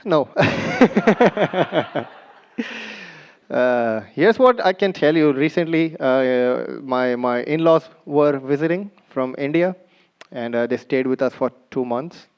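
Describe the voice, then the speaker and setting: A man's voice: medium pitch, slow pace, clear, resonant tone, dull audio. A man doing a stand-up comedy set on a live stage, chatty and teasing the audience, acting out the lines he quotes.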